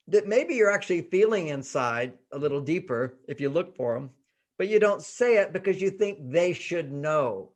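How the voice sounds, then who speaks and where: A man talking as a guest relationship author in a casual interview, animated and laughing, acting out little quotes as he explains. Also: a little high, normal speed.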